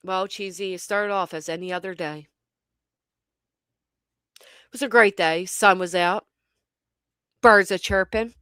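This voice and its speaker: A woman hosting her channel, telling a comic story to her live chat with animated, profane delivery and dramatic pauses. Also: medium pitch, smooth, dry recording, clean studio sound. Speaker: channel host.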